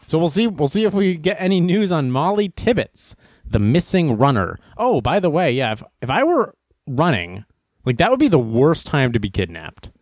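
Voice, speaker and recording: A man's voice: fairly high pitch, no echo. A young man rattles through the news as a comedy host, cracking jokes and wandering off on asides. His slightly raised voice swoops all over the place. The sound is dry and close, with no room around it. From Boston area. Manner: joking, rambling, animated, with quick asides. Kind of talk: casual comedic news commentary.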